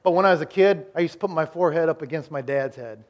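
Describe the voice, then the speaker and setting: Man preaching a sermon, fairly high-pitched voice, loud emphasis then quiet slow lines, frequent restarts. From Iowa, United States. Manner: repeats words and restarts often. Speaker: pastor.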